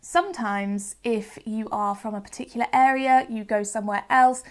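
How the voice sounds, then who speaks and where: A woman's voice: on the high side, fairly even intonation, moderate pace. A woman with a Southern English accent presenting a phonics lesson, carefully sounding out words. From Southern England. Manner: clear, careful modelling of sounds. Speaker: phonics teacher. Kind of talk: educational video presenting.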